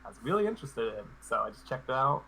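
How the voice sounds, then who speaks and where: Guy guesting on a stream, really bright forward voice, laid back, kinda hesitant. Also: mid-range voice, big pitch swings, quick pace, gravelly, slight background noise, low-quality recording. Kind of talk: casual live-stream interview.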